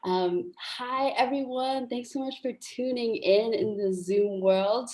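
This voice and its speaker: A woman poet speaking casually over a video call from a dorm room, effusive and unhurried. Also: on the high side, darkish tone, poor audio.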